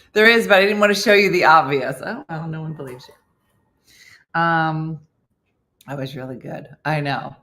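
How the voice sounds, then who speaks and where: A middle-aged woman hosting a comedic morning show, chatting in a loose, animated way with frequent laughs and asides. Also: low voice. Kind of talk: casual comedic chat.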